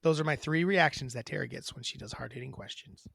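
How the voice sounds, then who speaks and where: A young woman co-hosting a casual podcast with her sibling, teasing and animated, swearing freely and acting out her own reactions. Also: very deep voice, fast talker, gravelly, no echo, clean studio sound. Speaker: podcast co-host.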